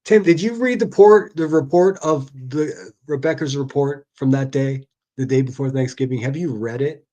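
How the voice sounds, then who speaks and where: A man's voice: mid-range voice, normal speed, dark tone. Profane man ranting on a live stream. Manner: profane, exasperated, argues back at the clips. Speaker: live stream host reacting to clips. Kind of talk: casual ranting commentary.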